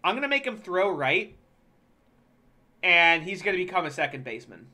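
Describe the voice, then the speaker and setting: A streamer giving casual gameplay commentary, profane and quick to break into loud, exasperated outbursts. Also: mid-range voice, very animated.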